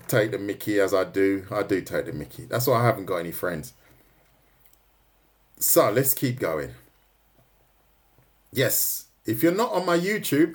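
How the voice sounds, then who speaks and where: A man giving a casual, joking drawing lesson on a livestream, teasing his viewers. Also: mid-range voice. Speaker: art teacher.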